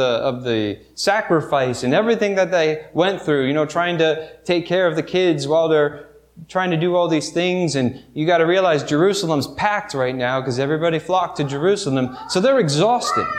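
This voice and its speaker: A man preaching a sermon, retelling a Bible story vividly with halting restarts and soft asides. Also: a little high.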